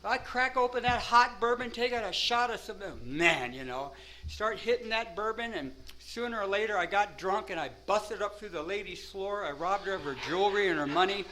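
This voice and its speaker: A man's voice: high voice, animated, moderate pace, bright, forceful tone, slight background noise, poor audio. A man telling a rambling first-person story, peppering it with "you know" and "man" and laughing at himself.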